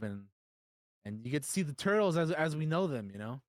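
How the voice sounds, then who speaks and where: A young man co-hosting a podcast, excitedly retelling a comic with casual swearing. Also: medium pitch, a little fast, no room sound, studio quality. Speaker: podcast co-host. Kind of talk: casual chat.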